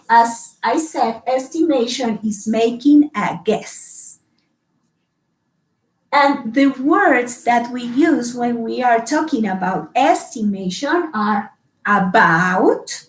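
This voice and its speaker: Slow sing-song woman teaching kids. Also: fairly high pitch, lively intonation, roomy sound, poor audio. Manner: slow, sing-song, greeting children by name. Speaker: kindergarten teacher. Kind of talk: online class for young children.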